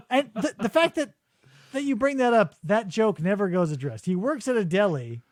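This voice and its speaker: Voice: mid-range voice, animated, normal speed, a little mellow, no room sound. A podcast host riffing sarcastically in casual comedic chat, breaking into impressions, on a studio microphone.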